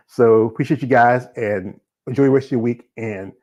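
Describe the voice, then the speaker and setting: A man from the American South with a Southern accent, hosting a casual show and talking fast with lots of fillers and restarts. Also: medium pitch, darkish tone. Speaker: show host. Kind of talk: casual solo show wrap-up.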